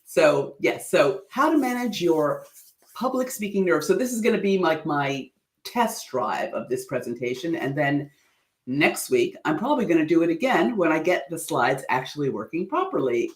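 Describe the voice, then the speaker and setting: An American woman coaching public speaking on a casual livestream, chatty and self-deprecating, her voice jumping up high when something goes wrong. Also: expressive, moderate pace, echoey room. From United States.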